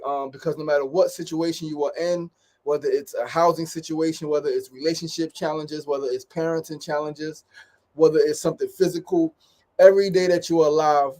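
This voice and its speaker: A man's voice: on the high side, darkish tone. A man hosting his daily show, giving casual motivational talk with upbeat repeated phrases and frequent "right?" tag questions.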